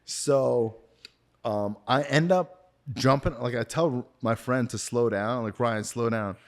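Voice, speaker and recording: Man, podcast guest, casual storytelling, slangy and profane, acts out other people's lines, gets loud at the exciting parts. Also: mid-range voice, takes it slowly. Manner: gets loud and excited when retelling the chase.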